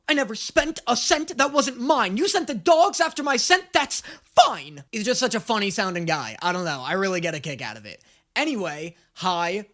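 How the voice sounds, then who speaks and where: A young man hosting a comedic anime reaction video, jokey and animated. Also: sits high. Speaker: YouTube reaction host.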